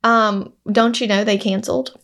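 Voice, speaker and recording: A woman in her thirties, a real estate agent co-hosting a podcast, telling a story in lively casual chat and acting out both sides of a phone call. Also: mid-range voice, moderate pace, creaky. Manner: animated, acts out both sides of phone calls.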